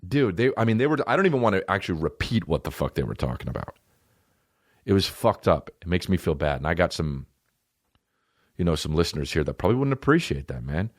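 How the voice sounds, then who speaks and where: Profane rambling man, low dry voice. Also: fast, no room sound. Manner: profane, rambling, animated storytelling with mock voices. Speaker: podcast host. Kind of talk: casual comedic monologue.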